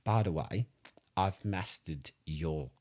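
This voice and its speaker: A man's voice: deep voice, slow pace, a little mellow. A man, talking in an improvised comedy chat in a boastful, rambling, hesitant way. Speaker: comic interviewee.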